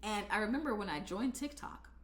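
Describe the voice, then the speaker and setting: A woman in her thirties, casually telling a story about herself with lively, self-mocking humor. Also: medium pitch, a little fast, roomy sound. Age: 30s. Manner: animated, laughs at herself, shouts out. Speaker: host.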